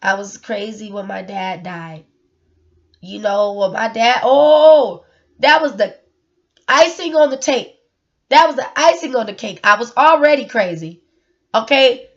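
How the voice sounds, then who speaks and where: Speaking at a measured pace in a voice on the high side, an earnest woman tells her story as a single mother in a vlog. The audio loses its highs, and her delivery is emotional, full of repeated words and rhetorical questions.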